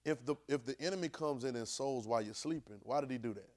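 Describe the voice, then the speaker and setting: Animated preacher man, soft then loud. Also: fast. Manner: call-and-response, keeps asking "right?"; swings from low murmur to sudden loud bursts. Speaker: preacher teaching a class. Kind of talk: conversational sermon.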